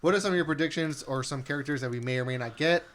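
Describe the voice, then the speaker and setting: A young man co-hosting a casual podcast, talking in an excitable rush with plenty of fillers, his voice jumping high when he gets thrilled. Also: very fast. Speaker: podcast co-host. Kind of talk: casual chat.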